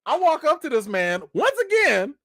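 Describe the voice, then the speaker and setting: Male stream host, lively, self-mocking storyteller, slangy delivery, dry sound. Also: very high-pitched, normal speed, dry recording. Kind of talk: casual storytelling.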